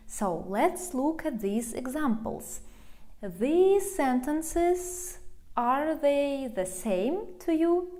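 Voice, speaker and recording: Slow, patient young woman teaching. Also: on the high side, dark tone. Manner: patient, explains step by step with examples. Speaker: language teacher. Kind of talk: video language lesson.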